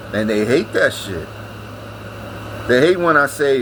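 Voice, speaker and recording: A man's voice: mid-range voice, lively intonation, measured pace, pauses often, fairly bright tone, slight background noise, low-quality recording. A man, ranting casually to his vlog audience, swearing often and repeating himself. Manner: profane, rambling, repeats himself. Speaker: vlogger.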